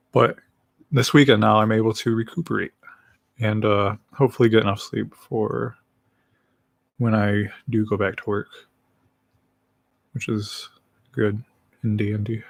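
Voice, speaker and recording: Low-ish guy just rambling on his stream, super slow and easygoing, dry close sound. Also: vocal fry, no echo. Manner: rambling, laid-back, laughs easily. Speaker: livestreamer. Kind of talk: casual rambling chat.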